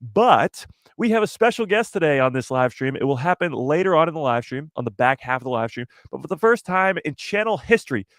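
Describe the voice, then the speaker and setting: A young man hosts a live stream and chats straight to his viewers, teasing them and firing off rhetorical questions. His voice sits a bit high and swings widely in pitch. The sound is dry, with no room around it. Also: no room sound. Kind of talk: casual live stream commentary.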